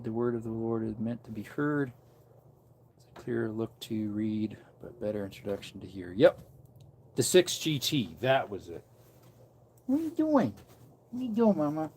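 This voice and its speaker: A man's voice: medium pitch, creaky, darkish tone, slight background noise. A man who preaches, chatting casually on a livestream from an outdoor porch and wandering between topics as he reads comments aloud.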